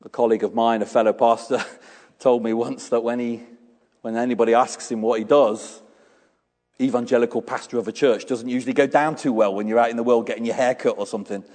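A male pastor delivering a sermon in an animated, storytelling way, slipping into little acted exchanges. His voice sits at an ordinary pitch for a man. It rings out with a long reverb tail, as in a big church. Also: a little fast.

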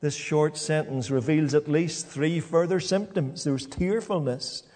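A man preaching a sermon in a church, halting and repeating words as he talks. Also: on the high side, darkish tone, in a large hall.

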